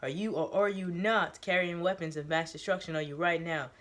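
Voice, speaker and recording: A man acts out a volatile, paranoid male patient who speaks as if under fire. He barks his questions loudly and forcefully, in a fairly high, commanding voice. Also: steady tone, a little fast, lightly acted. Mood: interrogating. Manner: loud and commanding. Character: volatile male soldier-minded patient, barking orders.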